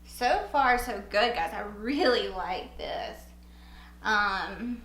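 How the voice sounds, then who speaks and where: A young woman with a Southern US accent chatting casually through a makeup tutorial, bubbly and quick to laugh at herself. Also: mid-range voice, lively intonation, a bit bright, reverberant, a little hiss or hum, low-quality recording. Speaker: beauty vlogger.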